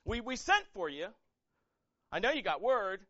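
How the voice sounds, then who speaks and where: Grieving woman, pleading and halting, bright and pitched up, as a male preacher puts her on; dull lo-fi sound. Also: very animated, no echo. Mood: hurt pleading.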